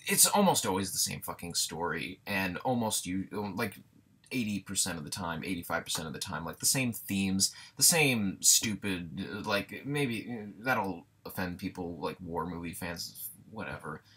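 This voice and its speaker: Bright-voiced, exasperated young man ranting. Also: deep voice, expressive, moderate pace, slightly rough. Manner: exasperated, sarcastic, swears freely. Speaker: movie reviewer. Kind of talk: casual ranting film review.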